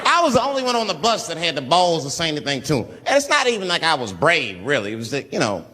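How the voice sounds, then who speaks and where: A man's voice: on the high side, huge pitch swings, fast, pushed and bright, slight background noise. A man doing stand-up, telling a profane story with lots of acted-out voices. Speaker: stand-up comedian.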